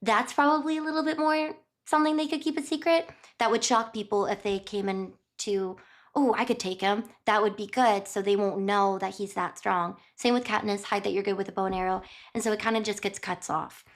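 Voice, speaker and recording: A woman's voice: medium pitch, steady tone, fairly quick. A woman streamer casually recapping a book while tidying her kitchen, chatty and rambling, often correcting herself. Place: home kitchen.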